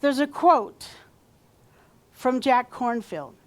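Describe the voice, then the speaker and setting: Slow-spoken woman pastor preaching. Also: high voice, animated. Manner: warm conversational preaching, leads call-and-response. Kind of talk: sermon. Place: church sanctuary.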